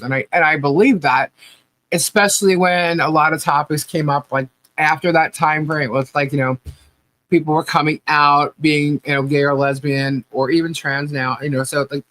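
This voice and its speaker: A woman's voice: sits low, a bit bright, no echo, rough recording. Chatty woman co-hosting a casual livestream. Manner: chatty, candid, laughs often. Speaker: podcast co-host. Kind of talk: casual livestream chat reading comments.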